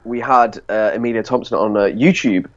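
A man's voice: lowish voice, a little fast, lo-fi sound. Nasal man with a cold. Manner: chatty, self-deprecating, rambling. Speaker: podcast co-host. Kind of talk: casual chat.

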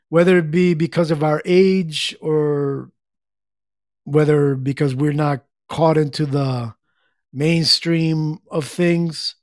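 Brief: middle-aged male streamer, relaxed rambling chat, gravelly, slightly higher voice. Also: dry recording, clean studio sound. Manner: rambling, easygoing, reads chat aloud. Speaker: livestream host. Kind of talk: casual chat with viewers.

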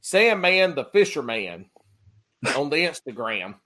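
A man hosting a casual talk show, spinning stories with a jokey, profane edge. His voice sits slightly high and moves around a lot as he talks. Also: a little slow. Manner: animated storyteller, swears freely, jokey. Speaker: podcast host. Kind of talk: casual chat.

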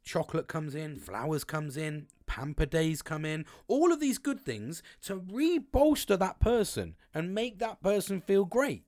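A man talks to his podcast listeners in a loose, candid monologue. His voice swings widely between low and high. He swears often and leans hard on his words. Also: big pitch swings, measured pace, hardly any pauses, darkish tone. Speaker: podcast host. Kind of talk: casual monologue. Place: home, outdoors on a sunny afternoon.

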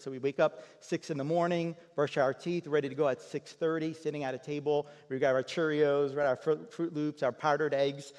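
A man's voice: on the high side, steady tone, brisk, few pauses, darkish tone. A man preaching a sermon as a pastor, telling a story in a conversational way and often repeating words as he restarts a phrase. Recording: long hall reverb.

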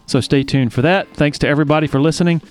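A man hosting a podcast, briskly wrapping up the episode and thanking the listeners. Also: fairly high pitch, fairly even intonation, smooth, faint music behind. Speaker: podcast host. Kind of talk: closing remarks.

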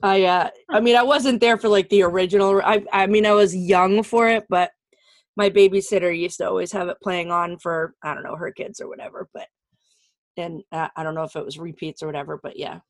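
A woman's voice: lowish voice, steady tone, a little fast. A middle-aged woman hosting a comedy podcast, chatting and joking with a guest, laughing often. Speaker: podcast host. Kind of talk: casual comedic chat.

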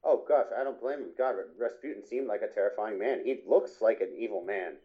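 A man's voice: fairly low pitch, fairly quick. A man co-hosting a casual film chat, talking enthusiastically and rambling through restarted sentences. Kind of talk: casual chat about animated films. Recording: muffled lo-fi mic.

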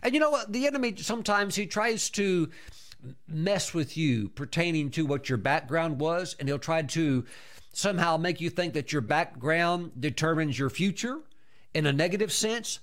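Animated man preaching a fervent sermon. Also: on the high side, moderate pace. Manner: emphatic, animated preaching with repeated exclamations. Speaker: pastor.

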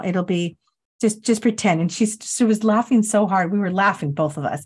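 A woman co-hosting a podcast, telling an animated story in casual chat and laughing often. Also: mid-range voice, moderate pace, husky. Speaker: podcast co-host.

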